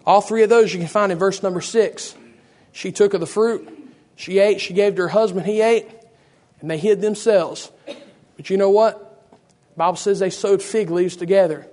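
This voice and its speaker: A man preaching a fervent sermon with a hoarse, worn voice, praying with a repeated "Lord" and building to shouts. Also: sits high, steady tone, normal speed. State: hoarse, losing his voice.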